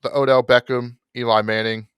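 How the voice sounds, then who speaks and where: Smooth-voiced man, eager podcast chat. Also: medium pitch, level tone, brisk, a bit bright, no room sound. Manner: enthusiastic, stumbling over words. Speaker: podcast co-host. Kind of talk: casual chat.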